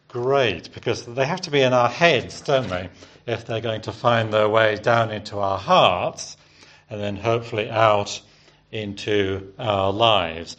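A man's voice: fairly low pitch, measured pace, a bit bright. A man preaching a sermon in a church service, quizzing the congregation and having them repeat words after him. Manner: interactive, asks the congregation questions and leads repetition.

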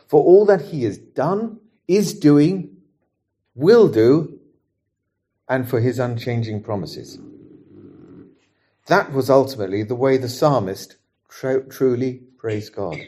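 A man preaching a sermon in a measured, earnest way, reading scripture aloud and leading the congregation in prayer. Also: mid-range voice, warm tone, breathy edge.

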